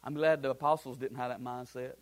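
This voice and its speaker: A man's voice: mid-range voice, steady tone, fairly quick. A man preaching a sermon as pastor, building his points through repeated phrases and breaking into casual asides.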